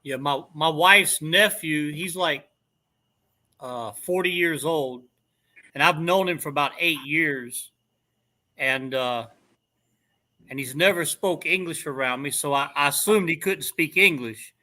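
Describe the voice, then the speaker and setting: A man's voice: on the high side, a little slow, long pauses. A middle-aged man telling stories in a casual chat, laughing often as he talks. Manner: laughs often, animated storyteller. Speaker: guest in a chat.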